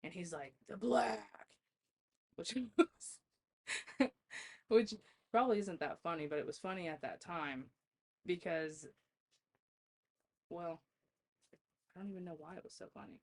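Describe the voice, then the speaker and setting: Low-voiced woman telling funny stories. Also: normal speed, pauses often. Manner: laughs often while telling stories, swears freely. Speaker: podcast guest. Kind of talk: casual storytelling chat.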